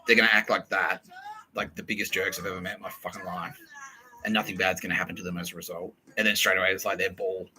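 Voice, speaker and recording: A man's voice: sits low, fast, slight background noise, low-quality recording. An Australian man hosting a podcast, telling a casual story with lots of swearing and acted-out quotes. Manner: animated, swears often, acts out quoted voices. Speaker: podcast host.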